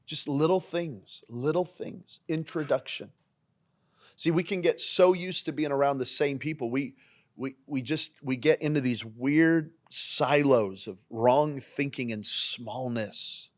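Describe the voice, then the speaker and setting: A man, a pastor hosting a leadership podcast, teaching in a sermon style, driving points home with repetition and dropping into quieter asides. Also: medium pitch, measured pace. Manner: emphatic and repetitive, swinging between punchy lines and quiet asides.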